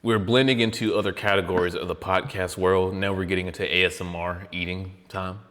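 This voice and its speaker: A man's voice: low voice, flat delivery, fairly quick, a bit bright, in a large hall, a little hiss or hum. A man hosting a casual podcast, rambling and joking at his own expense, snacking while he talks into a studio mic. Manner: rambling, self-mocking, restarts often; chewing and eating while talking. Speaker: podcast host. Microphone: studio mic with headphones.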